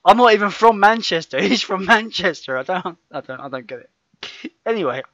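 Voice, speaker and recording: A man's voice: sits high, lively intonation, normal speed, fairly bright tone, no echo. A man co-hosting a casual podcast, rambling and correcting himself, laughing often. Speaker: podcast co-host. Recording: dull lo-fi sound.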